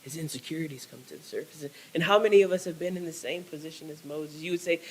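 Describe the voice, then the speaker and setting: A man's voice: a little high, fast talker, few pauses, breathy edge, rough recording. A male pastor preaching a sermon, emphatic and repetitive, restarting phrases as he builds.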